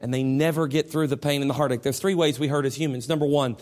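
A man of forty preaching a sermon, swinging from loud shouted lines to quiet prayer and restarting his words often. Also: mid-range voice, fairly even intonation, fast. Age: 40s.

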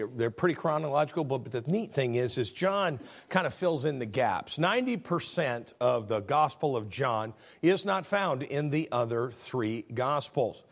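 A middle-aged male pastor giving a sermon, building to emphatic, raised passages and then dropping low and soft. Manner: leads a call-and-response scripture reading.

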